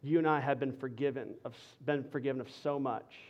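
A male pastor preaching a sermon to his congregation, conversational and energetic, shifting into a soft, earnest intensity. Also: medium pitch, a little fast, dull audio.

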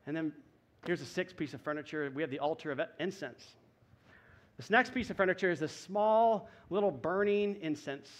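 A man with a fairly high, light voice delivers a sermon. He preaches in a relaxed, conversational way, full of folksy asides, and often drops to a soft murmur before lifting again. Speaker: pastor.

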